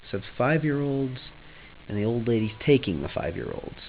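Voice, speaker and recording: A man's voice: mid-range voice, animated, moderate pace, narrow, tinny audio, a little hiss or hum. A young man vlogging casually, joking offhand, trailing off and restarting his thoughts. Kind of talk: rambling casual vlog.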